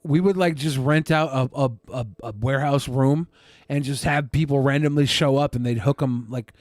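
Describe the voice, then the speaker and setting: A man telling crude stories in a deadpan way during a casual podcast chat. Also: medium pitch, moderate pace, no echo, clean studio sound. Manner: deadpan storytelling with crude humor. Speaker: podcast co-host.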